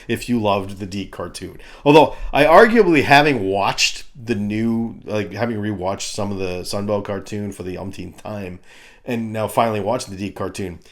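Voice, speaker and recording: A man's voice: on the low side, moderate pace. A man in his fifties giving a crude, ranting comedic review of a cartoon.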